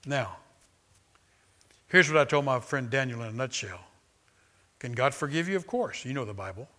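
This sermon comes from a male pastor whose mid-range voice is expressive and sharp-toned, moving at a moderate pace. Preaching to a live congregation in a church sanctuary, he reads aloud from a book, then talks with the crowd informally, questioning them and having them repeat a line.

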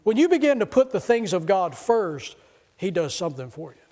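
High-voiced middle-aged pastor preaching. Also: male voice, normal speed. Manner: conversational testimony rising to excited preaching. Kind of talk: sermon.

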